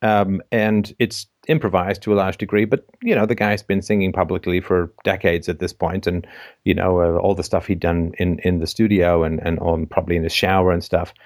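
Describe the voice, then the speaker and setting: A man hosting a call-in show, talking in a measured, reflective way with frequent fillers. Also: deep voice, steady tone, no room sound, studio quality. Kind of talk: casual phone-in discussion.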